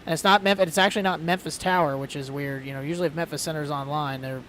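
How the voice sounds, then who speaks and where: A chatty man talks loosely and rambles, packing his sentences with fillers. His voice sits a little high. A faint hiss of noise runs under the recording. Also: steady tone, fast talker, a bit bright. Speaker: flight sim streamer. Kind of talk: casual chat.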